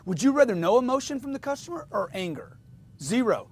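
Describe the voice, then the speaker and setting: Emphatic male sales trainer, lively delivery. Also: extremely high pitch, fairly quick, slight background noise. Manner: emphatic, repetitive, coaching. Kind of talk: motivational sales lesson.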